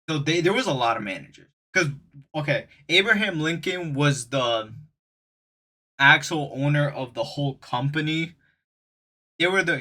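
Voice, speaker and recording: Young male streamer, bright voice, loose slangy storyteller who talks right to the viewers. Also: medium pitch. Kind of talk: casual storytime.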